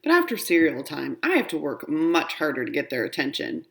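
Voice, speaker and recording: Woman, children's audiobook narrator, low voice, animated pitch, expressive. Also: brisk, gravelly, a little hiss or hum. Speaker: audiobook reader. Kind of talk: children's book read-aloud.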